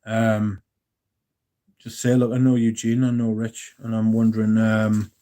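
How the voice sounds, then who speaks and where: A man's voice: lowish voice, completely flat delivery, measured pace, dark tone. An English man hosting a casual livestream, rambling and correcting himself, swearing and joking as he answers chat. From England. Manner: rambling, self-correcting, jokey and profane. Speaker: livestream host.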